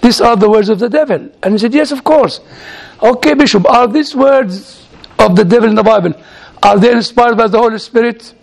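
A man's voice: high voice, fairly quick, vocal fry. A man who is a lecturer and chaplain tells humorous anecdotes in a chatty way. He acts out the dialogue he quotes. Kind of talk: anecdotal storytelling talk.

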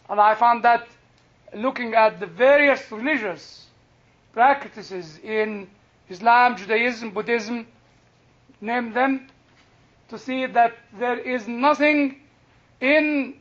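Older guy with a husky, very high voice teaching a bible class, slow and deliberate, kinda muffled recording. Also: a bit bright. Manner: slow, deliberate, emphatic phrasing. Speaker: Christian teacher. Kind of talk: lecture to a class.

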